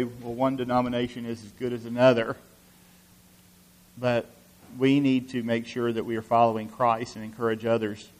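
Male preacher, sermon delivery, earnest and halting, average pitch. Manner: earnest, many restarts and "you know" fillers.

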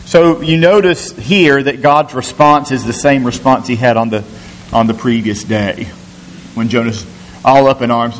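A pastor with a medium-pitched, slightly slow voice preaches a sermon, teaching through a scripture passage. He uses rhetorical questions and restarts often, recorded in an echoey hall with faint hiss.

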